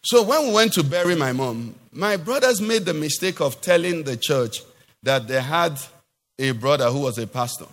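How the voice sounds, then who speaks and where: Pastor preaching in an echoey hall. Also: male voice, fairly high pitch, normal speed. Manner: animated preaching with rhetorical questions to the congregation. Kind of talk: sermon.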